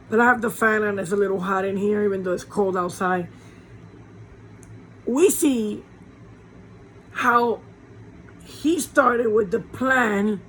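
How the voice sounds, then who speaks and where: A woman pastor giving an informal sermon from a small warm room with a fan running, preaching conversationally with rhetorical questions. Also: mid-range voice, a little hiss or hum, rough recording.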